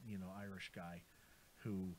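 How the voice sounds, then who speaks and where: Low-voiced American man, chatty. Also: flat delivery, darkish tone, a little hiss or hum. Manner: rambling, chatty, quick to laugh. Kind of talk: casual radio chat.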